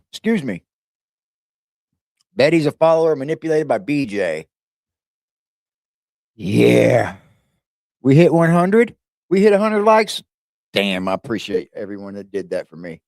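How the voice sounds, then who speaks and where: A brash middle-aged man running a livestream, swinging his voice up and down as he mocks chat with a slow, drawn-out delivery. Fairly high-pitched and laughing often, in a dry, close-sounding room. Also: sing-song, vocal fry, darkish tone, no room sound. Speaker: livestream host reacting to videos. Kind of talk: casual profane livestream chat.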